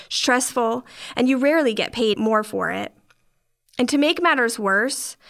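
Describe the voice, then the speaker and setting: A woman's voice: fairly high pitch, creaky, a bit bright. Wry middle-aged woman telling a story. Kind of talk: first-person story narration.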